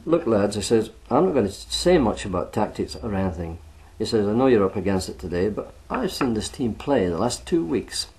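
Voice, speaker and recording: An older man with a fairly low voice recounts a match he played in. He talks casually and often adds "you know" as he tells it. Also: darkish tone. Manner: chatty, peppered with "you know". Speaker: retired footballer. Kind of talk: reminiscing oral history.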